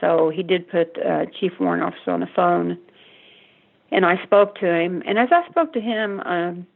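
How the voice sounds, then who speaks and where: An older woman, a mother, recalling in halting, stuttering speech how she learned her son was involved in a crime. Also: fairly low pitch, creaky, breathy edge. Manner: halting, stuttering, many restarts. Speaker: mother of the convicted man, interviewee. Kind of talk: emotional personal recollection. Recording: tinny phone line.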